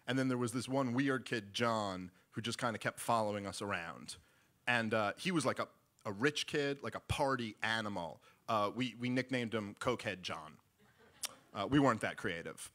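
Guy doing stand-up on stage, bright voice, rambly, does all the voices. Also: lowish voice. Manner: rambling, animated, acts out voices. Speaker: stand-up comedian. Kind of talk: stand-up storytelling. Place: live event stage.

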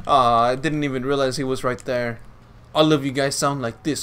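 A man giving playful, teasing commentary over his own gameplay, laughing often and breaking into excited yells. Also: medium pitch, normal speed, a little hiss or hum.

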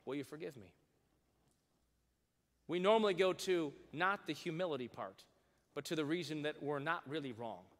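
A male pastor preaching in an animated way and reading scripture aloud with emphasis. He has a slightly high voice and coaxes his listeners to repeat phrases back to him. His voice rings out with a long reverb from a large church hall. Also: brisk. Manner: reads scripture in old-fashioned wording with rising emphasis. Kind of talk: sermon.

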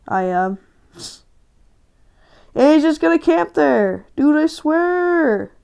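Excitable woman ranting over gameplay. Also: on the high side. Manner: excitable, ranting, quick to shout in frustration. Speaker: gaming channel host. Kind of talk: live gameplay commentary.

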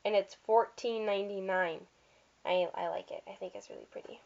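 This woman's voice is mid-range, creaky, and darkish, with fairly even intonation and a brisk pace. As a vlogger, she walks through holiday catalog items in a chatty, gushing way with fillers and slips, over dull lo-fi audio.

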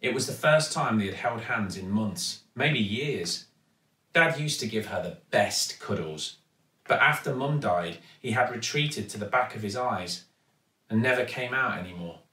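English guy reading a kids story out loud, kinda far from the mic, roomy sound. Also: on the low side, measured pace. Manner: steady, expressive storytelling. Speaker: actor reading a children's book. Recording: echoey room, voice from off-mic.

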